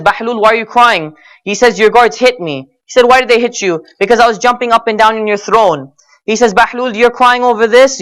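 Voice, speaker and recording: A man giving a religious lecture at an Islamic center, telling stories earnestly and slowing down to stretch key words, rising in pitch and force when he argues his point. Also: a bit bright. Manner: rises in pitch and intensity when arguing; addresses audience as brothers and sisters.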